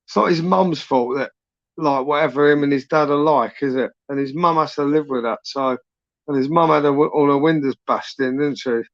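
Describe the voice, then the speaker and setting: A man hosts his channel in a loose, rambling live chat, peppering his talk with swearing and "innit". His voice sits a touch high. The sound is dry and a little dull, with no room around it. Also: moderate pace, no room sound. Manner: rambling, sweary, frequent tag questions. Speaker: YouTube channel host. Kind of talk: casual live-stream chat.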